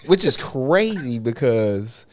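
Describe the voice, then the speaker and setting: A young man on a podcast, telling a story in a casual, animated way, laughing often and using heavy slang and profanity. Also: mid-range voice, extremely slow, a little hiss or hum. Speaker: podcast co-host.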